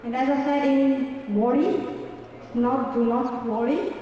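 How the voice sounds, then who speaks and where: A woman's voice: high voice, level tone, a little slow, warm tone. A woman with an Egyptian Arabic accent, an English pronunciation trainer running a live workshop, demonstrating sounds and checking in with "okay?". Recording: echoey hall from far off, faint room noise.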